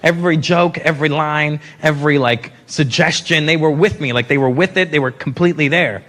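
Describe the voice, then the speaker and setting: A man from Canada doing stand-up comedy, telling animated stories and slipping into quoted voices. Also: on the high side, brisk. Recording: live show with loud crowd noise. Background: laughing crowd.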